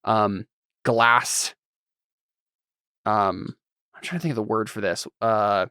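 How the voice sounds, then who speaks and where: A man's voice: fairly low pitch, fairly even intonation, slow, pushed and bright, clean tone, no room sound. Rambling male game master, dry sound. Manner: rambling, searching for words as he describes. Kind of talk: narrating a tabletop game.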